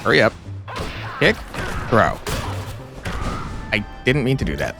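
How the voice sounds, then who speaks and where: Gamer guy, lively voice, slow drawl, snaps moves and jokey insults at his fighter. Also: fairly low pitch, gravelly. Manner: barks quick commands, mock-insults his character. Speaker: gamer playing a martial arts game. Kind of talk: let's play commentary. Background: game music.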